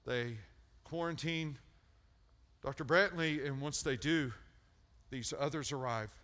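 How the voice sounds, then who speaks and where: Animated preacher, bright and emphatic. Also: male voice, a little high, measured pace. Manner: animated, shifting from loud emphatic peaks to quiet intensity; storytelling, self-deprecating, repeats words for emphasis. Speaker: pastor. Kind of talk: sermon.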